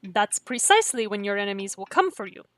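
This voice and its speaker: A woman's voice: medium pitch, big pitch swings, quick pace, faint music behind, lightly acted. A woman voicing a confident, teasing female sparring trainer in a put-on accent that drifts Russian. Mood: challenging. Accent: put-on foreign accent that drifts Russian. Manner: teasing, challenging.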